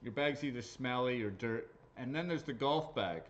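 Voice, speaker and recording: A man hosts a live prize draw in loose, rambling chat full of crude jokes. His voice sits at an ordinary middle pitch. The audio is a little dull and lo-fi. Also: moderate pace. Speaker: raffle host. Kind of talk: casual live-stream chat. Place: his golf shop or driving range.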